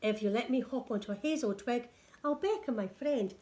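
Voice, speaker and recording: A woman voicing a small, clever male mouse with quick, squeaky cries. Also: warm tone, close to an everyday voice.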